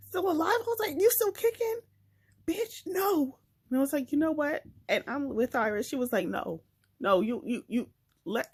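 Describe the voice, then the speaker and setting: A young woman vlogging, chatting excitedly and emotionally about a book she just read, talking straight to her viewers. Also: sits high, breathy edge, poor audio. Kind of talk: casual chat.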